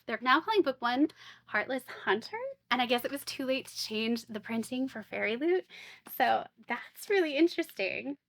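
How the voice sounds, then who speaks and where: Bright, chatty woman book vlogger. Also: a little high. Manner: chatty, wry asides and sarcastic jokes. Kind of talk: casual unboxing chat.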